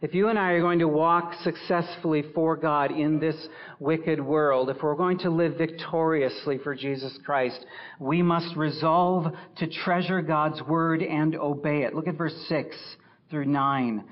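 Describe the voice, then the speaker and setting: A man preaching a sermon with a slightly high voice and a slow, deliberate delivery. He builds up loud for scripture and sinks low and soft for reflection. The recording sounds a little dull and lo-fi. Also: fairly even intonation. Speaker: pastor.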